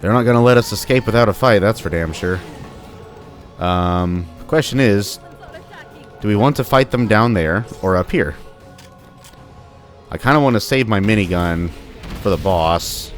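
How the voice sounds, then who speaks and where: A young man with a fairly low voice gives chatty, joking commentary over his gameplay, bantering with enemies as he goes. Soft game music sits behind him. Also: normal speed, long pauses. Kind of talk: casual let's-play commentary.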